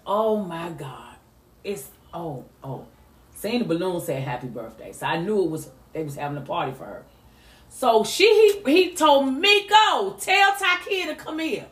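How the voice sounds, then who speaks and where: A woman telling an emotional family story in a lively, animated way, acting out the other people's lines. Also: medium pitch, echoey room. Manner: lively, animated retelling with voiced quotes. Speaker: mother telling her story.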